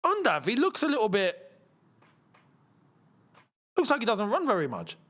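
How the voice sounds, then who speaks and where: A young man hosting a live football watchalong, chatting casually and reacting loudly to chances on the pitch. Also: wildly swooping pitch, normal speed. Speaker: football channel host. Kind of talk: live match watchalong chat.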